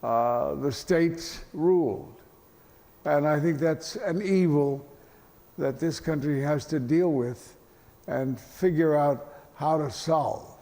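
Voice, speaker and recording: Older man, gravelly, unhurried, halting, deadpan humor, echoey hall. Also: a little high. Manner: halting, many pauses and fillers, dry deadpan joking. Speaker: interview guest, veteran actor. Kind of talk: relaxed panel conversation. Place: event hall with audience.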